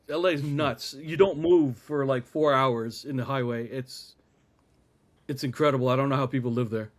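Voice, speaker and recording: Man, forties, from Texas, podcast guest, animated storyteller, laughs often. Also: mid-range voice, moderate pace. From Texas, United States. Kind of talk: casual storytelling chat.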